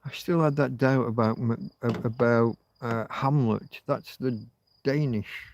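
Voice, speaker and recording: A man's voice: mid-range voice, a little slow, darkish tone, slight background noise. A man hosting a livestream, thinking aloud in rambling casual chat, often muttering and swearing to himself. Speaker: livestream host.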